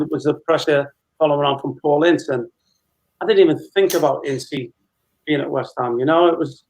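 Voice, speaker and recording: A man in his fifties, a former footballer, telling lively anecdotes with frequent laughter as an interview guest. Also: a little high, low-quality recording. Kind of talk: casual storytelling interview.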